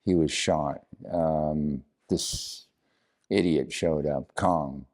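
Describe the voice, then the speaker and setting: A man with an extremely deep voice asks his questions slowly and directly. He speaks as the interviewer, keeping a plain tone. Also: darkish tone.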